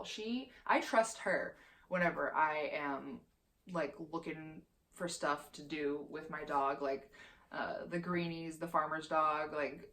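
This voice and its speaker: A woman's voice: sits low, a bit bright. A woman in her twenties ranting as a vlogger, heated and profane, swearing constantly. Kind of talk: heated opinion rant.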